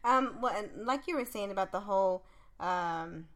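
A woman's voice: mid-range voice, normal speed, a bit bright. Chatty woman swearing freely. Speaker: podcast co-host. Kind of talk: casual chat.

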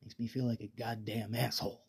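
A man hosting a casual solo podcast while high, rambling in a laid-back way, swearing freely and stammering through restarts. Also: little pitch movement, a little fast, breathy edge. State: high on weed. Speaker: podcast host.

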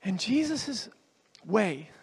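A man's voice: high-pitched, very animated, very slow, vocal fry, slightly rough. A man preaching a sermon as a guest speaker in a church, earnest and emphatic, repeating his phrases for weight. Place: church hall with a congregation.

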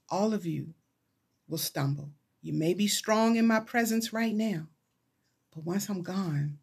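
A woman's voice: on the low side, breathy edge. A woman chaplain preaching a sermon, retelling scripture and acting out the voices of the people in it. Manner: retelling scripture with dramatized voices, rising to excited pleas.

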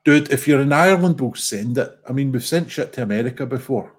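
Guy cohosting a stream, husky voice, rambling sweary jokes. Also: medium pitch, lively intonation, a little fast. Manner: jokey, sweary, rambling banter. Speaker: livestream co-host. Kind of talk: casual stream chat.

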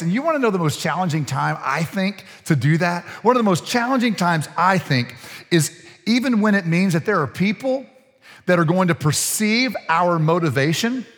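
A male pastor gives a relaxed, conversational sermon, circling back on his words and chuckling along the way. His voice sits a little high for a man. The sound rings with a long reverb from a large church sanctuary. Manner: conversational, folksy preaching with laughs and restarts.

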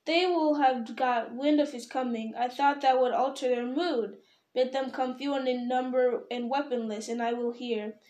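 A woman's voice: high-pitched, steady tone, normal speed, reverberant, lightly acted. A woman reading aloud, voicing a proud, wrathful male dwarf king who raises his voice in anger. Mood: stern. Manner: loud, angry outbursts.

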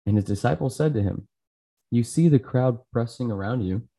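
A man hosting a channel, reading a Bible chapter aloud in a steady, earnest way with small slips. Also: mid-range voice, moderate pace, slightly rough. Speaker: scripture reader, channel host.

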